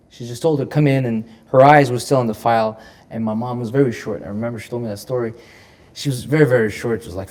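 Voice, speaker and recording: A man's voice: fairly low pitch, darkish tone. A man, a comedian guest on a podcast, telling stories animatedly, often repeating words and laughing. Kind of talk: emotional podcast conversation. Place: podcast studio.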